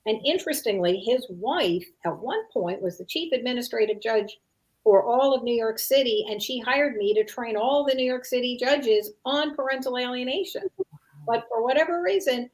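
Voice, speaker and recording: As an expert guest, a middle-aged woman with a fairly high voice answers an interview question at a moderate pace. Her manner is thoughtful and chatty; she voices parents' lines as examples, frequently dropping "you know" and "like."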